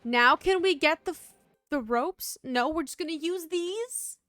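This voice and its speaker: A woman's voice: sits high, measured pace, a bit bright, no room sound, faint music behind. A woman chatting casually while streaming a puzzle game, given to groans, exclamations and swearing. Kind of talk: casual gaming chat.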